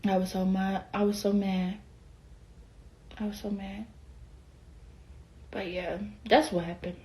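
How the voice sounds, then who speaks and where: A young woman, a social media personality, delivers a rambling, profane, heated storytime rant on a livestream, frequently asking if you know what she's saying. Her medium-pitched voice is darkish and flat, and she takes it slowly; the recording is rough.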